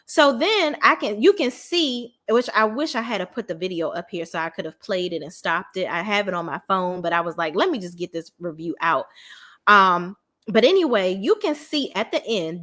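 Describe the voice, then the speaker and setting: A woman's voice: fairly high pitch, a bit bright. A woman recapping a reality show on her vlog, blunt and opinionated, swearing freely and acting out what people said. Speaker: reality TV reviewer.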